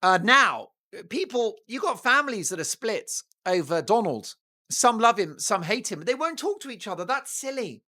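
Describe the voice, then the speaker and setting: A man hosting his own talk show, talking straight to his viewers in a jokey, animated monologue. His pitch swings widely as he riffs, teases and drifts into playful asides. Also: moderate pace. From United Kingdom. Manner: playful, jokey, breaks into mock Italian and snatches of song.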